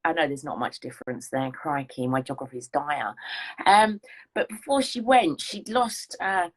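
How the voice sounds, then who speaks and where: A woman's voice: sits low, moderate pace. Chatty, rambling woman coach. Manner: rambling, self-deprecating, chatty. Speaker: fitness coach. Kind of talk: casual chat.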